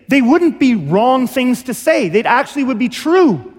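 High-voiced preacher in a reverberant hall. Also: male voice, big pitch swings, measured pace, a little mellow. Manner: conversational, asks listeners questions, acts out quotes. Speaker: pastor. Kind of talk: sermon.

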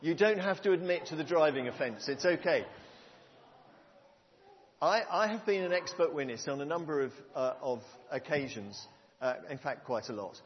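Earnest preacher in a reverberant hall. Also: male voice, fairly high pitch, expressive, moderate pace. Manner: earnest, conversational, asks the audience questions. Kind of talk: sermon. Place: church room with a congregation. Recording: long hall reverb, dull lo-fi sound.

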